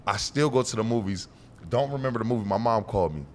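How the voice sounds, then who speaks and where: A young man speaks quickly in a fairly low voice as a guest in a casual interview. He tells his stories with animation and acts out each exchange. A faint hum sits behind him. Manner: animated storyteller who acts out quoted dialogue. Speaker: guest, pro football player.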